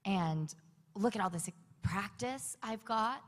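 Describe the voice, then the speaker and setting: A woman's voice: medium pitch, animated, slow pace. Candid woman on a reverberant stage. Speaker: panel guest actor. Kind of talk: convention panel chat. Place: large convention hall. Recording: long hall reverb.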